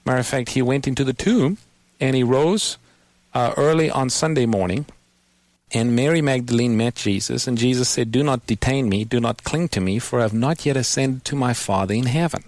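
A man hosts a call-in Bible program, walking a caller through scripture step by step. His voice sits at an ordinary pitch and reaches the listener dry and close, with no room around it. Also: moderate pace, a little mellow, no echo. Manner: patient, explanatory, quotes scripture. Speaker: radio Bible program host. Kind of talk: call-in radio Bible answers.

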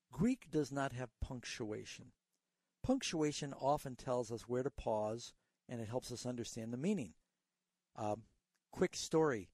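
A man hosts a Bible call-in program on the radio, answering listeners' questions like a patient teacher. His voice is mellow and warm. It is recorded dry and close in a studio. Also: mid-range voice, no room sound. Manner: earnest, teaching tone with a storytelling aside.

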